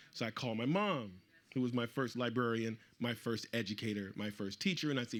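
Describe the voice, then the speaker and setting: A middle-aged man speaking at a live event, telling a personal story to the audience with animated delivery and acting out the voices of the people he quotes. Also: mid-range voice, a little fast, few pauses. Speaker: author speaking at a book event.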